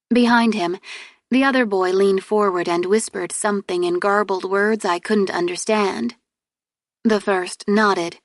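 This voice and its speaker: A woman narrates a novel in the first person, clear and steady in her storytelling. Her mid-range voice sits close and dry with no room around it. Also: medium pitch, unhurried, no room sound. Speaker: audiobook narrator.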